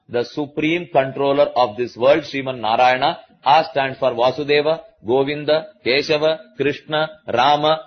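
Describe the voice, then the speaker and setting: A man with an Indian English accent giving a slow, patient religious discourse to a listening audience, repeating key points as he explains. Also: medium pitch, muffled recording. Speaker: spiritual teacher.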